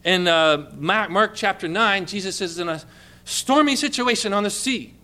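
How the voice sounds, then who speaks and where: A man preaching a sermon, telling stories in an animated, emphatic way and rising to exclamations. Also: sits high, moderate pace.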